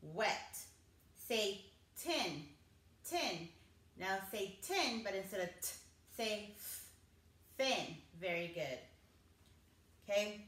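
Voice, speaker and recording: A woman teaching kindergarten phonics, speaking slowly and clearly, repeating each word and sounding out its letters with encouragement. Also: medium pitch, animated, a bit bright. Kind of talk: phonics lesson for young children. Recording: echoey room.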